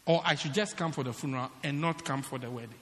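A man's voice: medium pitch, quick pace, fairly bright tone, long reverb tail. A man preaching a sermon as pastor, in a teasing, joking, conversational way.

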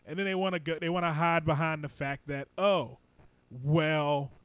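A man co-hosting a comedy podcast in casual banter, animated and emphatic, often laughing. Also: a little high, moderate pace, clean tone, no room sound, low-quality recording. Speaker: podcast co-host. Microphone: studio microphone.

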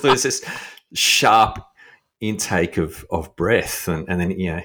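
An Australian man, a middle-aged author, casually telling an animated story and laughing often. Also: a little slow, a little hiss or hum. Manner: animated anecdote-telling, laughs often, lively swings into high quoted voices. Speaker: author guest.

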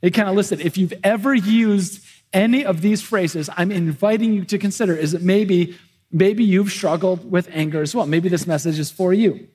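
Male pastor, sermon, conversational delivery, repeats words, husky tone. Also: high voice, moderate pace, darkish tone. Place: church, livestreamed worship.

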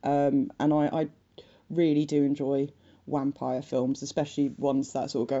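A woman's voice: very deep voice, flat delivery, warm tone, muffled recording. A woman, co-hosting a casual film chat podcast and making chatty, wry remarks. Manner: chatty, swears, does quick mocking voices. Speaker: podcast co-host.

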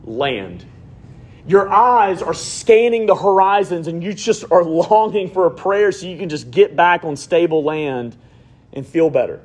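A man preaching from the pulpit, his voice sitting a little high for a man. He drops into quiet, hushed prayer, then lifts into emphatic, building preaching. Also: lively intonation, a little slow. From Alabama, USA. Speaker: pastor. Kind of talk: sermon.

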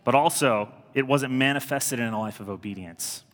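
A man's voice: mid-range voice, moderate pace, a bit bright. A man in his thirties preaching a sermon in an earnest, conversational way, repeating key lines for emphasis. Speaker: pastor. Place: church sanctuary. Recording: long reverb of a large church.

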